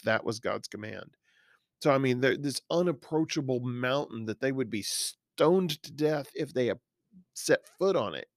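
A man who is a pastor, teaching a verse-by-verse Bible study in an earnest, explanatory way and pausing now and then to find his words. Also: mid-range voice, animated, dry recording, studio quality.

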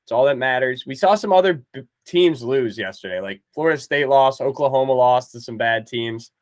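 A man's voice: medium pitch, expressive, brisk, no echo. A man co-hosting a sports podcast, bantering in an upbeat, reassuring way. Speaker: podcast co-host. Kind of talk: casual sports chat.

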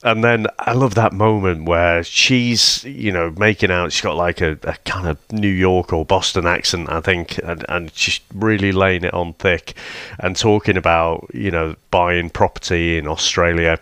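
A man's voice: sits low, normal speed, clean tone, no room sound. A man co-hosting a casual film review podcast, talking enthusiastically and chuckling as he recounts scenes. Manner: enthusiastic, chuckling, relaxed storytelling. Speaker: podcast co-host.

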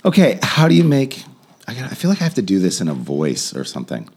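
Very deep-voiced joking man, wildly lively. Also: quick pace, husky. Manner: wry, joking. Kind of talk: casual chat.

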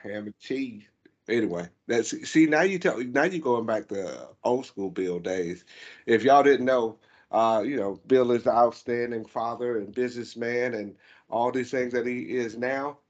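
A man's voice: medium pitch, unhurried. A man with a Southern US accent, co-hosting a casual car podcast and rambling with playful teasing. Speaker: podcast co-host. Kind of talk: casual chat. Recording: dull lo-fi sound.

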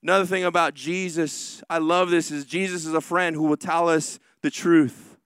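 A man preaching a sermon as pastor, drawing out key lines slowly and rushing through asides. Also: fairly high pitch, steady tone, fairly bright tone, smooth, no echo, clean studio sound. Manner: preaching with slow, drawn-out emphatic lines and quick asides.

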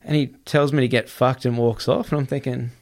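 A guest with a steady, slightly mellow mid-range male voice tells a wild story in casual chat. He swears freely and runs his sentences together in a quick, breathless telling.

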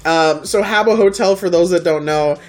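In a relaxed podcast conversation, a co-host spins an animated tale, swearing freely and impersonating the people in it. The pitch is medium and the pace normal.

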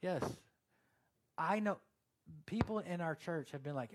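A man preaching to his church in a somewhat high voice. He talks like he is chatting with the congregation, teasing them with jokes, then leans in with earnest emphasis. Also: lively intonation, unhurried. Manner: conversational, joking asides to the congregation. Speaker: pastor. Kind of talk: sermon.

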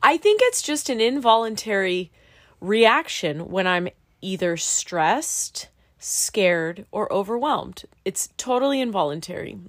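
A woman's voice: medium pitch, measured pace, no echo. A young woman, a student pilot, chatting casually and telling stories candidly, with some swearing. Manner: candid, animated storytelling with swearing. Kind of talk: casual podcast chat.

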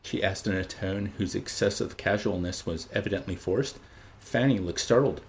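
A man narrating an audiobook in an expressive, measured reading. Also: deep voice, creaky. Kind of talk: scripted narration.

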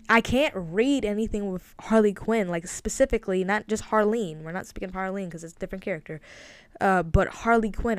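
A woman's voice: mid-range voice, dry recording. A woman hosting a casual solo podcast, talking in an earnest, fan-like way with many restarts and fillers. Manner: rambling, frequent restarts and fillers. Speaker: podcast host.

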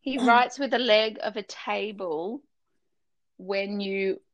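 Heartfelt middle-aged woman, gravelly and dry. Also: medium pitch, slow, dry recording. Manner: tearful, heartfelt, rambling with restarts. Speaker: podcast co-host. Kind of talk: casual faith podcast chat.

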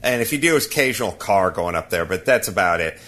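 A man's voice: low voice, lively intonation, fast, fairly bright tone. A man hosting a podcast, ranting and laughing through a casual comic story. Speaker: podcast host.

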